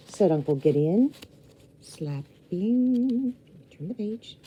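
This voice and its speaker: A woman reading a children's novel aloud chapter by chapter, expressive and speaking directly to young listeners. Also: deep voice, normal speed, highs cut off, a little hiss or hum. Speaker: storybook reader.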